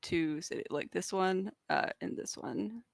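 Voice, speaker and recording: A person playing a tabletop game, talking in an animated way and laughing often. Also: mid-range voice, measured pace, gravelly. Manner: giggly, animated. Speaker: player.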